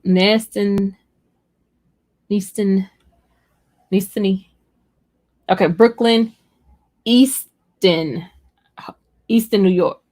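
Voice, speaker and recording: Animated woman chatting on a livestream. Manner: animated storyteller, jumps to a high voice for quoted people; expressive, chatty, laughs often. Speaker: livestream host. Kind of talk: casual live-stream chat, reading viewer comments. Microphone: streaming setup.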